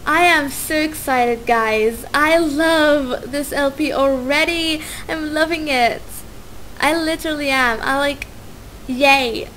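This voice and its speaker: A young woman narrating her gameplay in a high, bubbly voice, gushing about how excited she is and tripping over her words. She talks in an unhurried way, with a faint hum behind her. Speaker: let's play gamer. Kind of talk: casual gameplay commentary.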